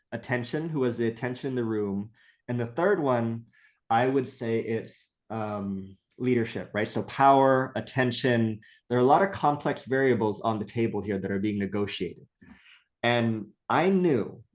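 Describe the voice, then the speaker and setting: A man at a negotiation workshop telling a story about a tough client and acting out the quoted lines. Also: on the low side. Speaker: workshop speaker. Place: event space with audience.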